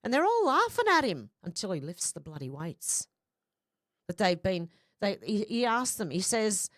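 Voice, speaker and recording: A chatty woman hosts a live chat and talks in a loose, rambling way. She has a medium pitch, and the recording is dry and close. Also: big pitch swings, moderate pace, no echo. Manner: chatty, rambling, laughs easily. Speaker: livestream host reading viewer comments.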